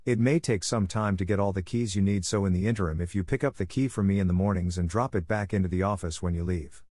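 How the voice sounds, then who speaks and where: A man reading as a brisk, businesslike estate manager. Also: sits low, dark tone, no room sound, studio quality. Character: practical middle-aged man, exasperated estate manager.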